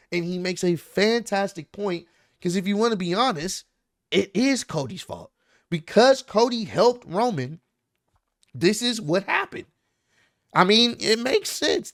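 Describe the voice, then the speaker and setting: A man recapping a wrestling show in a casual, animated way, full of slang and quick asides, as host of his own channel. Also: high voice, no room sound, clean studio sound.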